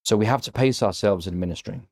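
A man's voice: lowish voice, fast, a little mellow. A man preaching a sermon, earnest and emphatic, stressing words differently as he retells scripture. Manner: earnest, emphatic, varies emphasis when quoting.

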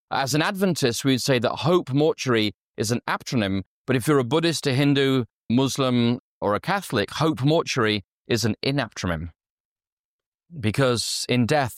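Pastor type from Yorkshire, relaxed sermon delivery, poses questions to the audience, dry recording. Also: male voice, medium pitch, no echo. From Yorkshire, England. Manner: conversational, asks the audience questions.

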